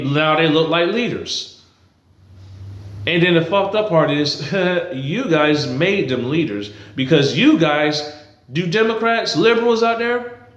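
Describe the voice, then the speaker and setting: A political commentary vlogger rants to camera, heated, blunt and profane, repeating himself for emphasis. His voice is on the high side with a fairly bright tone, and the audio sounds reverberant.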